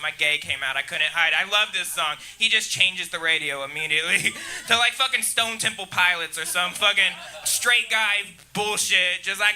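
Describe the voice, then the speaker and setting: High-voiced man doing crude club stand-up. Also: normal speed, bright, forceful tone. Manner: crude, laughs at his own jokes. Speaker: stand-up comedian. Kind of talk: live stand-up set. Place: comedy club stage. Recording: live club with audible crowd noise.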